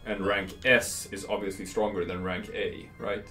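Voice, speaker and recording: Man, lowish voice, casual game commentary co-host. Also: flat delivery, normal speed, pushed and bright, recorded from a distance, faint music behind, poor audio. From Sweden. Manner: explaining, chatty. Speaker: let's play host.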